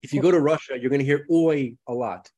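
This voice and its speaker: A man in easy podcast talk, circling through restarts and fillers as he works out his point. his voice sits at an ordinary middle pitch for a man. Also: fast talker, warm tone, dull audio. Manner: rambling, many restarts and "you know"s. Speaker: podcast co-host. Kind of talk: casual conversation.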